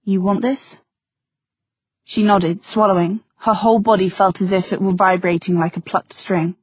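A woman reads a novel aloud in a soft, intimate way, her voice husky and breathy. The audio is tinny and phone-like, and completely dry. Her pitch sits in a middle range. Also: fairly even intonation, normal speed, no room sound. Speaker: audiobook narrator. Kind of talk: scripted narration.

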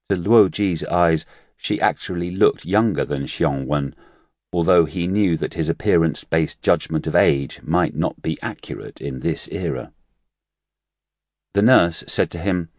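A man reading an audiobook in a measured, even storytelling manner. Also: deep voice, no echo, studio quality. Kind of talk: audiobook narration.

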